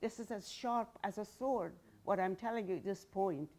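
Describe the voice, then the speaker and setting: A woman's voice: medium pitch, normal speed, a little mellow. A woman with a Persian accent, answering a question after her academic presentation and stopping often to find her words. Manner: thoughtful, searching for words.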